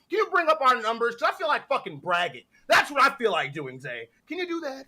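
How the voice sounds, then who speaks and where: A man hosting a casual livestream, ranting loudly and swearing constantly. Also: very high-pitched, wildly swooping pitch, a little fast, few pauses. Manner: profane, ranting, loud. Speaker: stream host.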